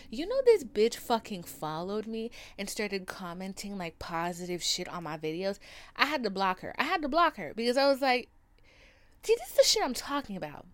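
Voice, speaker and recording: A woman's voice: medium pitch, normal speed. A woman hosting a podcast, telling a story in a casual rant, swearing freely and acting out what other people said. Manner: profane, animated, mimics people in quotes. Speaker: podcast host.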